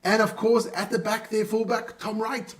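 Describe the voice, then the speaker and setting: High-ish voiced guy chatting on his live stream, a bit far from the mic, tripping on names. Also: flat delivery, normal speed. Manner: chatty, stumbles over player names. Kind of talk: casual live-stream chat.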